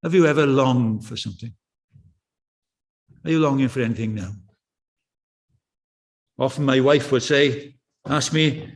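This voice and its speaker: A man's voice: medium pitch, normal speed, pauses often. An older British man preaching a sermon in a church, conversational and anecdotal with passionate swells.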